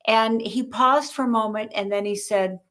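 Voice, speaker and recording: Lively woman author telling stories. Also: fairly high pitch, moderate pace. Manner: animated storyteller, acts out quotes. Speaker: author and guest. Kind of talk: podcast interview storytelling.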